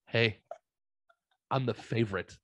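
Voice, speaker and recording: A man spins loose, profanity-laced stories in an easygoing chat, jumping from one aside to the next with plenty of swearing. His voice is mid-pitched and sits dry and close, with no room sound around it. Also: takes it slowly, no room sound. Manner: profane, rambling, animated anecdotes. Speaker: podcast guest. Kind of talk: casual storytelling.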